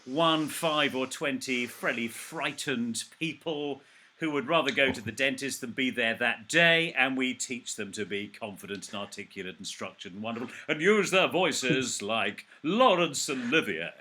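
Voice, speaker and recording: A man's voice: mid-range voice, normal speed, pushed and bright. A man hosting a casual chat, with teasing, playful banter. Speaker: podcast host, trainer.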